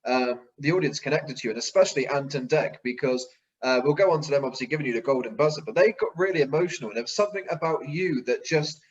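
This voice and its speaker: A man's voice: mid-range voice, fast talker. A man hosting an interview, asking earnest and complimentary questions. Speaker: show host, interviewer. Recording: dull lo-fi sound.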